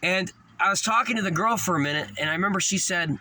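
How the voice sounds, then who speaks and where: A man's voice: high-pitched, quick pace, bright, forceful tone, poor audio. A man telling a rambling spiritual story to camera, cussing now and then and acting out the people in it. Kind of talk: rambling first-person storytelling.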